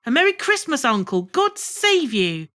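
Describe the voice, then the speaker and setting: A woman voicing a cheerful, warm-hearted young man who speaks brightly and eagerly in a storybook reading. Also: a little high, big pitch swings, normal speed. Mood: gay.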